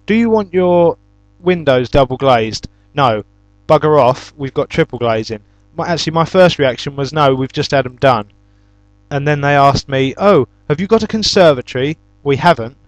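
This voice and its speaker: A man's voice: mid-range voice, no room sound. A young British man hosting a gaming channel, casually answering viewer questions and telling stories in a chatty, exasperated way. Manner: chatty storyteller, flares into loud exasperated shouts. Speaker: YouTube gaming channel host.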